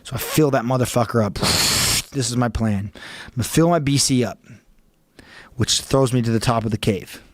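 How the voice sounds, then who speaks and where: A man's voice: mid-range voice, normal speed, no echo, studio quality. Intense, profane man telling a story. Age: adult father. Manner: intense, heavily profane, talks to himself in quoted self-talk. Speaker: podcast guest. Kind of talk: animated storytelling. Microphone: studio podcast mic.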